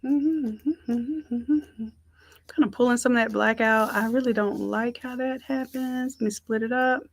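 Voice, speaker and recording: A chatty woman walks viewers through a design tutorial on a live stream. Her voice sits fairly high and sounds close to the mic. The room around her is dry, with no echo. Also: fairly even intonation, takes it slowly. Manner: chatty, talks to viewers as y'all. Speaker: design instructor.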